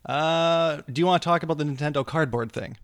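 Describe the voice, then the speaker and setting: A man's voice: a little high, a little fast. A man co-hosting a podcast in casual chat, playful and sarcastic, laughing often. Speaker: podcast co-host.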